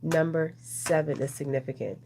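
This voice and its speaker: A woman's voice: deep voice, normal speed, gravelly, noisy background. A woman doing a casual, rambling oracle card reading, chatting with her viewers as she goes. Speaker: tarot reader.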